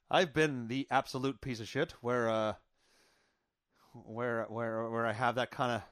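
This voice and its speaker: A man hosting a podcast, chatting casually in an animated, profane way and repeating himself as he reacts. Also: medium pitch, dry recording, studio quality. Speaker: podcast host.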